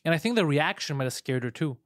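Man, stand-up comic, rapid-fire delivery, higher voice, swears a lot, dry close mic. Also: no room sound. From Montreal, Canada. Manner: rapid, profane, animated storytelling. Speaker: stand-up comedian guest. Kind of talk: casual podcast chat.

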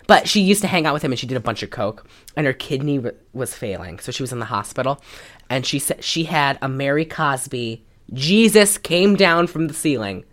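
A woman co-hosting a podcast, recapping a movie in rambling casual chat full of fillers and laughs. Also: a bass voice. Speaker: podcast co-host.

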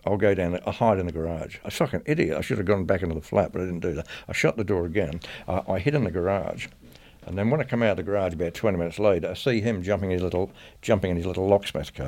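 A man with a fairly low voice races through a rambling personal story, talking quickly and dropping swear words into nearly every sentence. The delivery is casual and chatty, an anecdote told to friends. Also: animated, a little mellow. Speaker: guest storyteller.

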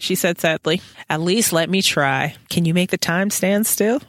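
A woman's voice: sits low, fairly quick, few pauses, no echo. A woman hosting a podcast, reading a novel aloud and breaking off for jokey, giggly asides. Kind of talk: casual read-aloud with commentary.

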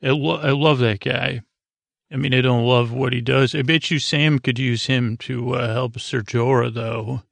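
A man drones through a sleepy recap, his voice level and flat with a gravelly fry underneath. He wanders, restarts and pads his sentences with filler. The sound is dry and close, with no room around it. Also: mid-range voice, dry recording. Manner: meandering, many fillers and restarts; droning, unhurried delivery. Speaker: podcast host. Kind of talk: rambling sleep-podcast TV recap.

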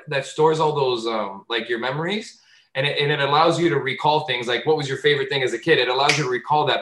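A man chatting casually on a podcast, animated and loose, swearing freely and jumping into loud high voices to act out bits. His voice sits a little high for a man. The room around him rings with echo. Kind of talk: casual chat.

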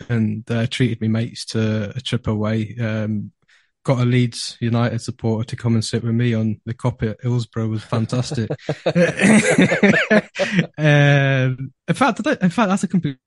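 A man, a podcast guest telling a story in a casual, animated way, laughing often and repeating words when excited. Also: mid-range voice, normal speed, no echo, clean studio sound.

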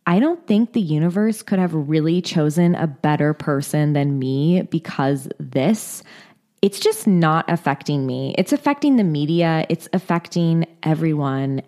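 A woman reading aloud as a self-important young model who delivers a grandiose monologue in a slow, earnest, self-assured way. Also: deep voice, mellow. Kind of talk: dramatic reading of a quoted monologue.

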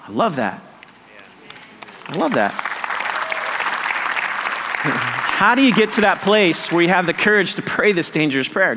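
A man's voice: high voice, big pitch swings, a little slow, pauses often, in a large hall, a crowd in the background, noisy background. A man preaching a sermon, emphatic and repetitive, often checking that listeners follow. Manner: emphatic, repeats phrases, asks "does that make sense". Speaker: pastor.

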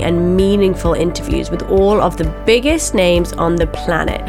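A woman hosting a podcast interview, speaking in a warm, effusive, gushing way. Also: mid-range voice. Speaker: podcast host. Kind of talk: casual interview chat.

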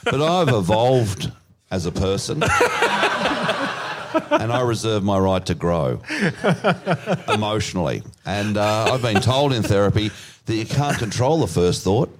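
A man's voice: lowish voice, expressive, a little slow, background noise. A man telling a crude, self-mocking story on a live comedy podcast, swearing freely and laughing as he goes.

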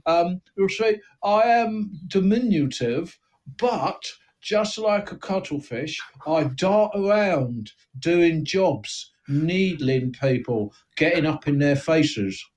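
A small boastful gangster from the East End chats away in a put-on Cockney accent, as a man improvises him. The voice sits noticeably higher than a plain talking voice and bounces up and down as he brags. His manner is cheeky and rambling. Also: animated, takes it slowly, darkish tone. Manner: chatty, rambling self-promotion. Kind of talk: improvised comedy role-play.

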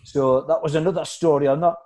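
A man whose voice sits on the high side speaks quickly, swapping football stories in a casual chat. He's a former footballer guest whose animated anecdotes include acted-out voices, some of them shouted.

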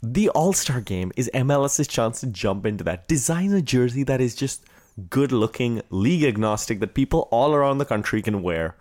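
A man's voice: medium pitch, moderate pace. A man hosting a casual sports podcast, joking crudely and ranting with energy. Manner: crude joking, animated rants. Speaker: podcast host.

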